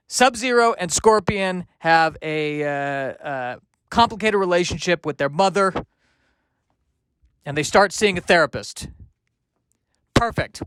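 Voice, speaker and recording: A man talks alone into a close, dry mic, hosting his own comedy podcast in a slightly high voice. He rambles and mocks himself, and breaks off into halting restarts and sardonic asides. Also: a bit bright, clear, resonant tone, no room sound. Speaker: podcast host.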